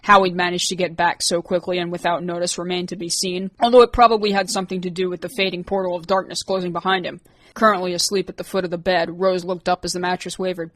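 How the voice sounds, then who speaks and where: A woman narrating an audiobook chapter in a steady, even way. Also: lowish voice, fast, no room sound. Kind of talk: reading a novel aloud.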